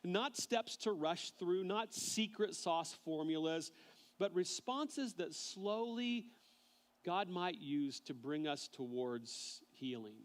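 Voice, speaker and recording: A male pastor delivers an earnest sermon, often repeating words as he begins a phrase and slowing on key lines. His voice sits high with lively intonation.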